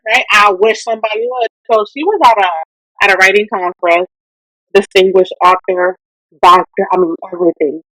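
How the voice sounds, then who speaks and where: A woman's voice: mid-range voice, no echo, low-quality recording. A woman from Puerto Rico, a therapist and podcast guest, telling stories in casual chat and dropping in Spanish phrases. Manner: animated, switches into Spanish phrases.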